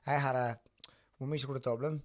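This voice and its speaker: A man's voice: medium pitch, steady tone, fast. A man with a thick Belfast accent hosting a podcast, telling stories in a loose, swearing, laughing way. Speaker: podcast host. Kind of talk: casual chat.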